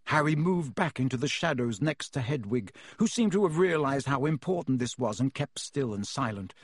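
A man narrating a storybook aloud in a steady, even-paced reading. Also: medium pitch, moderate pace, husky, no room sound, studio quality. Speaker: audiobook reader.

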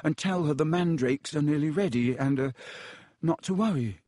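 A man voicing an earnest teenage schoolboy in an audiobook, talking in a hurried, earnest way. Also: fairly high pitch, warm tone, no echo, clean studio sound, voice pushed up, natural voice. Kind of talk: audiobook character voice.

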